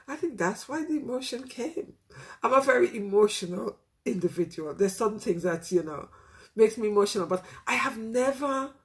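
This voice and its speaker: Woman, middle-aged teacher, heartfelt candid monologue, lots of fillers, mid-pitched voice. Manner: candid, heartfelt, with many "you know" fillers. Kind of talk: casual reflective monologue to listeners.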